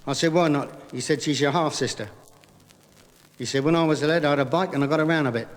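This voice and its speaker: A man doing stand-up comedy, telling joke after joke in a brisk patter full of "he said", recorded live on stage. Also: fairly high pitch, background noise. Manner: rapid gag patter with repeated "he said". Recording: live vinyl recording in a hall with audience laughter.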